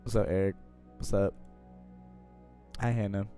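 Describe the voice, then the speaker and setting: A man's voice: on the low side, a little slow, faint music behind. Slangy young man chatting on stream. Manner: slangy and profane, swinging between mumbled asides and loud excited bursts. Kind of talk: casual live-stream chat, reading out viewer questions.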